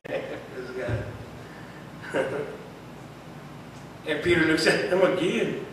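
A man preaching a sermon with fervor, at times breaking into shouts and dropping in Spanish words. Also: fairly high pitch, takes it slowly, pauses often, noisy background. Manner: fervent, rising to shouts, mixes in Spanish words. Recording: echoey room, voice far from the mic.

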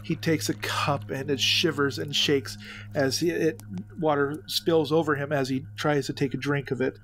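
A man narrating a tabletop game as game master, describing scenes with halting pauses. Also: on the high side, level tone, fairly bright tone.

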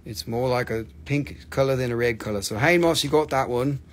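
A man's voice: medium pitch, fairly quick. A man from the Appalachian region of the US hosts a live mineral sale in a joking, rambling way, cussing freely. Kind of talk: casual live-stream selling.

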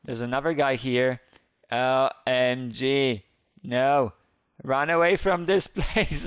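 A man giving excited, playful game commentary who squeals up high whenever he panics. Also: takes it slowly, smooth, no echo, studio quality. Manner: squeals high when panicked, playful kid-friendly banter. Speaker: gaming YouTuber.

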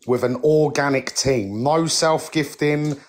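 A man's voice: a little high, slow, a little hiss or hum. A young man venting angrily on a live stream, swearing and leaning on "mate" and "like". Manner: heated, swearing, repeats "mate" and "like". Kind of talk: angry rant on a live stream.

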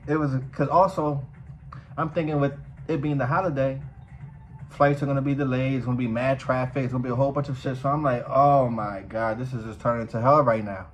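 A man vlogging casually, telling a story in a profane, animated way. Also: mid-range voice, a little hiss or hum, rough recording.

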